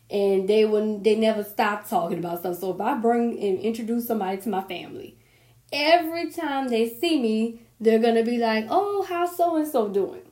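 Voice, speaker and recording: A woman talks casually on her own podcast, animated and chatty, often laughing through her stories. Her voice sits a bit high. The room around her has a noticeable echo. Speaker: podcast host. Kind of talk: casual solo podcast chat.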